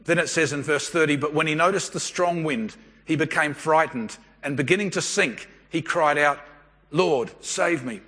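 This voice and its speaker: A man's voice: fairly high pitch, moderate pace, fairly bright tone. A man preaching a sermon as a pastor, talking. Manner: conversational storytelling preacher. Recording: long hall reverb.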